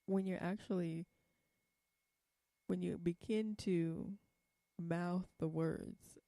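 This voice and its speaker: A young woman from California rambles through a casual vlog, blunt and quick to swear. Her voice sits a little low and sounds mellow and dark. The recording is dry and close, with almost no room sound. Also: fairly even intonation, creaky, no room sound. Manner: blunt and profane, rambling with many ums. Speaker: vlogger.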